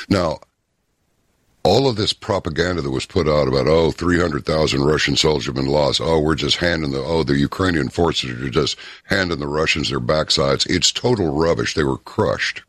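A man hosting a talk show, telling stories and giving opinions in a folksy, unhurried way. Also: extremely low pitch, fairly bright tone, no room sound, clean studio sound. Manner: folksy, opinionated, storytelling with pauses. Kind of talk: casual talk radio commentary.

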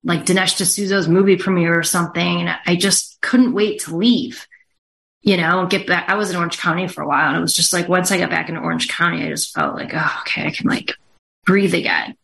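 A woman guest talks casually and earnestly, often halting and restarting. Her voice sits on the low side for a woman. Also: steady tone, creaky, fairly bright tone. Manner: halting, many fillers, earnest. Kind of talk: casual interview talk.

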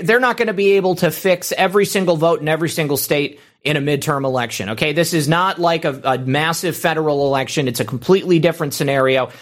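A man's voice: a little high, a bit bright. Emphatic man hosting political commentary. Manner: emphatic, repeats "okay" and "all right". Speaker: political show host.

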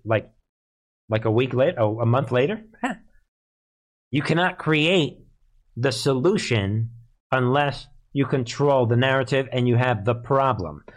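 Man, mid-pitched voice, sarcastic, scoffing, live commentary host. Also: normal speed.

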